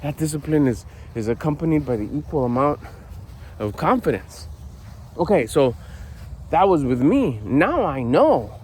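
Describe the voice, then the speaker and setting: Man, middle-aged, slightly high voice, blunt, animated, swears casually, outdoors at a park, faint traffic noise. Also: normal speed. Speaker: personal development vlogger. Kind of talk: casual motivational monologue.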